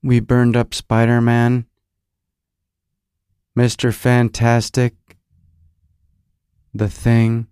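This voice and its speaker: A man's voice: mid-range voice, completely flat delivery, extremely slow, pauses often, darkish tone, clean tone, no echo. Rambling, nostalgic American man, dry sound. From United States. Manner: nostalgic, self-interrupting, searches memory aloud. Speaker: podcast host. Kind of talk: rambling monologue.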